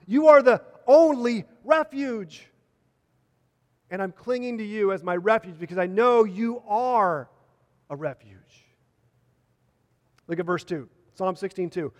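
A man's voice: high voice, animated, measured pace, pauses often, big-room sound. A man preaching a sermon, earnest and repeating phrases for emphasis.

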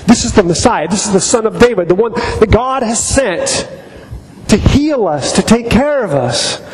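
Middle-aged male pastor, high-pitched and halting in a sermon, recorded in an echoing church hall. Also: expressive. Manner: halting, repeats words while telling stories. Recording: long reverb in a hall, faint noise.

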